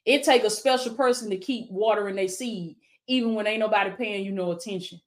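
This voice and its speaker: A woman's voice: medium pitch, fairly quick. A woman life coach on a live stream, fervently repeating affirmations, calling viewers baby and answering them by name like a preacher. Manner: preacherly call-and-response with viewers.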